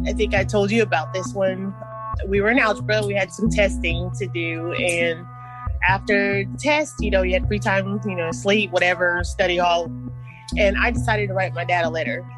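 A woman telling personal stories in an interview, halting and restarting, with soft nervous laughs. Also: medium pitch. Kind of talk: personal storytelling.

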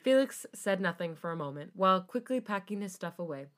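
A woman's voice: on the low side, animated, brisk, a bit bright. A young woman hosting a podcast, reading fanfiction aloud casually and breaking off for asides to her co-host.

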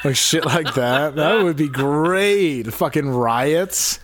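A man's voice: a little high, slow, noisy background. Rambling, swearing podcast co-host man. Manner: rambling, swears freely, jokey. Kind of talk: casual chat.

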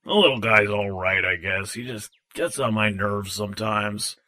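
A man's voice: fairly low pitch, normal speed, sharp tone. An actor voicing a grumpy male robot who speaks grudgingly and sarcastically.

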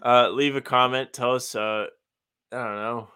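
Chill podcast guy, bright crisp tone, mid pitch, dry little comments. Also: fairly even intonation, unhurried. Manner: laid-back, dry remarks, reads sign-off plugs. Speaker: podcast co-host. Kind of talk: casual chat.

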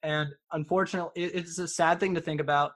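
A man hosting a podcast in casual chat, rambling with halting restarts. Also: on the high side, steady tone, a bit bright. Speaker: podcast host.

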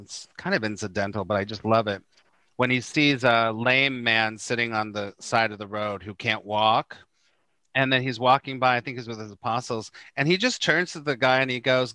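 A man's voice: mid-range voice, no room sound. A middle-aged man, a spiritual teacher and guest, talking casually and acting out the quotes in his stories. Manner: animated storyteller who acts out quoted lines. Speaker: Course in Miracles teacher, podcast guest.

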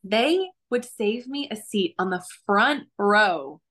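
A woman's voice: mid-range voice, animated, slow pace, a bit bright. Earnest woman telling her story. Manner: earnest, laughs often, acts out quoted voices. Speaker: guest sharing her testimony. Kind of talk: conversational faith testimony.

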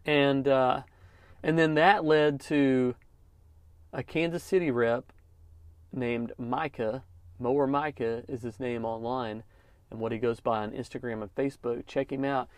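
A man's voice: medium pitch, steady tone, measured pace, no echo. A man telling a story on his podcast in a casual, encouraging way and calling listeners "man.". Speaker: podcast host, lawn care business owner. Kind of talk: casual motivational podcast talk.

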